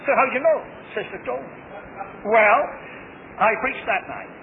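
A man's voice: sits high, big pitch swings, normal speed, gravelly. A man from Britain preaching a fervent sermon, repeating himself and restarting phrases as he drives his point home. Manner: fervent, repetitive, stammering restarts. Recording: tinny phone-like archival recording with faint hiss.

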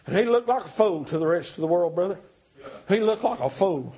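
A male preacher delivering a revival sermon, swinging from shouts to hushed pleading. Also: sits high, lively intonation, brisk. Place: church.

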